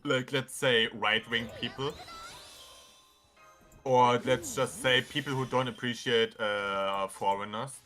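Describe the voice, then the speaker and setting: A man's voice: mid-range voice, steady tone, takes it slowly, sharp tone, soft background music. A man from Germany in casual chat, rambling with lots of fillers and swearing freely.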